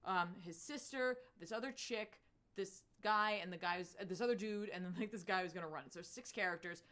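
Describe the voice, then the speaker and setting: Chatty woman podcast host. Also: brisk. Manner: chatty, filler-heavy, lively swings in pitch. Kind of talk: casual chat recapping a comic.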